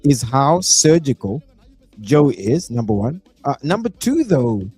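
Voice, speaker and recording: A South African man doing live reaction commentary, animated and prone to bursting into shouts and whoops. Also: medium pitch, measured pace, breathy edge, no echo, faint music behind. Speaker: reaction streamer.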